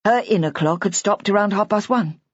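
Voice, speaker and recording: A woman narrating an audiobook mystery with measured, expressive storytelling. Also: mid-range voice, dry recording. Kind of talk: scripted narration. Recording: dull, dry lo-fi audiobook recording.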